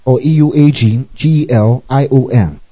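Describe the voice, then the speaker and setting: A man's voice: mid-range voice, moderate pace, dull audio. A man preaching a sermon, emphatic, often asking his listeners questions and stopping to spell out Greek words.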